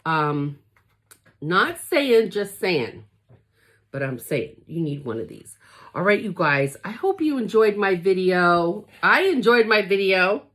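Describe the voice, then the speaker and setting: A woman's voice: medium pitch, sing-song, slow, a bit bright. A woman talking through an unboxing, gushing and emotional as she addresses her viewers directly. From Los Angeles area. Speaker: product consultant vlogger. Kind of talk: excited unboxing chat.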